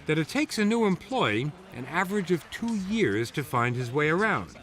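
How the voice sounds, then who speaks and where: Lively-voiced male news narrator. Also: fairly high pitch, moderate pace. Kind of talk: scripted documentary narration.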